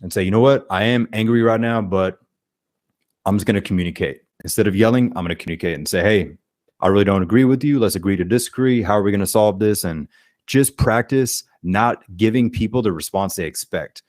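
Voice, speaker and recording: A man's voice: on the low side, fairly quick, dry recording, clean studio sound. A man, a guest on a podcast talking casually and energetically, often acting out what people say. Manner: energetic, acts out quoted speech. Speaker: podcast guest, life coach. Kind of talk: casual interview chat.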